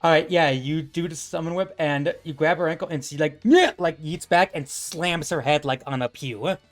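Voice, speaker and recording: A man's voice: fairly high pitch, steady tone, normal speed, soft background music. A man running a tabletop game as game master, narrating a fight in rambling bursts full of fillers.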